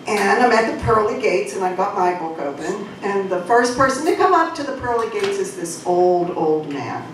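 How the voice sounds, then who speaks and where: A woman's voice: medium pitch, expressive, normal speed, slight background noise. Self-deprecating woman rambling on stage. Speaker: stage performer. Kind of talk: live comedic storytelling. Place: small club stage. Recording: echoey club from far off.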